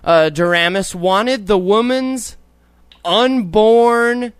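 Brief: crude sarcastic male podcast host, unhurried delivery, smooth dry voice. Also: sits high, dry recording. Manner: profane, sarcastic, mock-indignant. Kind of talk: crude comedic talk show banter.

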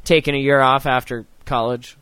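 A man co-hosting a podcast, chatting and reading an article aloud, animated and joking, with frequent swearing. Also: mid-range voice, moderate pace, clean tone, no room sound. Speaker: podcast co-host.

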